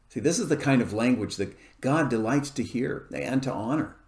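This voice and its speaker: A man preaching an expository sermon, explaining a scripture passage verse by verse in a measured way. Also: on the low side, a little mellow. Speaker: pastor. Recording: echoey room.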